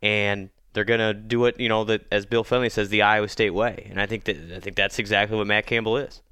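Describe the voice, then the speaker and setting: A man's voice: fairly low pitch, flat delivery, fairly quick, sharp tone, clean tone, no echo, studio quality. A man co-hosting a casual sports podcast, congested from a cold, who often repeats words as he starts a thought. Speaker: podcast co-host.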